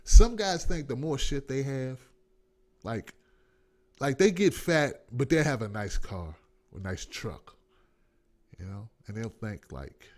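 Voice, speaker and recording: Animated man in his forties hosting. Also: medium pitch, takes it slowly, long pauses. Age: 40s. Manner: animated, profane, acts out voices. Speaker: host. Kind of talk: comedic talk show monologue.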